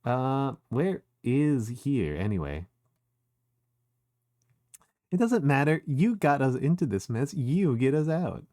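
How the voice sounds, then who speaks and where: A rough, mouthy teenage monster girl with a valley-girl drawl, as a man puts her on, bossing her companion around in a game. The voice sits well above a man's own and swoops up and down, teasing and sharp-tongued. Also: mid-range voice, big pitch swings, slow, long pauses, voice pushed up. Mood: bossy. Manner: bossy, mocking, swears casually.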